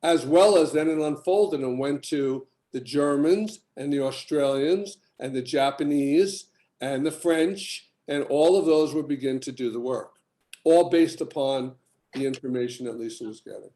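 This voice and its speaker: A man's voice: fairly high pitch, a little slow, mellow, echoey room. An older man, a healing practitioner, telling stories in a rambling, casual podcast conversation.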